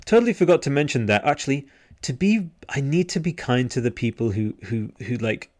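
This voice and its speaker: A man's voice: medium pitch, big pitch swings, brisk, a little mellow. Chatty Australian man reading live chat. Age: 30s. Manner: chatty and rambling, reading out viewer comments with frequent fillers. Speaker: podcast host. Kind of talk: casual live-stream chat. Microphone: headset-style home podcast mic.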